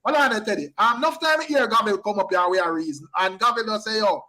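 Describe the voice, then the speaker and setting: High-voiced host shouting hold on. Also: male voice, fast. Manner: talks over others, keeps repeating hold on. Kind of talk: casual panel talk.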